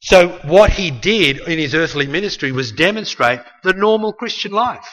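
A man with a high, fairly bright voice and lively intonation preaches at a moderate pace to a live church congregation. His delivery is emphatic, with repeated key phrases and acted-out quotes, all under the long reverb of a large hall.

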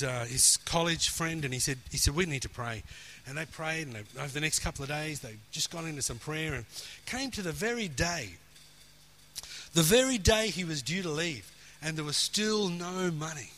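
A man preaching with animated, emphatic storytelling, acting out the lines of the people in his story. His voice sits high and sounds bright and forceful. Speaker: pastor. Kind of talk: sermon storytelling.

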